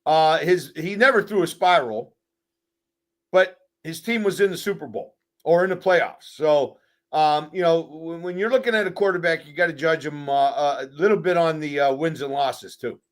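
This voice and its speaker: A man's voice: a little high, moderate pace. A man, a former player appearing as a guest, giving direct, emphatic opinions in casual sports talk.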